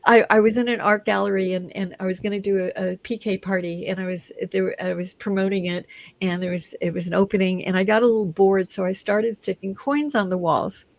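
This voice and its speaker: A woman's voice: medium pitch, fairly quick, no room sound. A woman guest on a talk show, an energy and intuition instructor, chatting casually and acting out stories with frequent laughs. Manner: animated storyteller, acts out quotes, laughs often. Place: broadcast studio.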